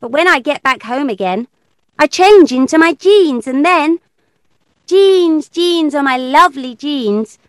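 Cheeky little girl, played by a woman: high, bouncy, teasing, sing-song delivery for a kids' story. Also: animated, a little slow, no room sound. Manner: bright, sing-song and playful. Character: cheeky young girl who teases machines. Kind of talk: children's audio story acting.

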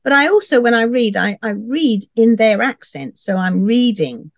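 A woman's voice: on the high side, animated, normal speed, no echo, studio quality. A woman leading a casual book club discussion, inquisitive and prompting the others with questions.

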